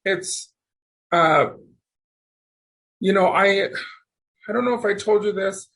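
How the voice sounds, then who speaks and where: High-voiced man telling stories rambly. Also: slow pace, gravelly. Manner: rambling, animated, trails off and restarts. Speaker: podcast guest. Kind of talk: casual storytelling conversation.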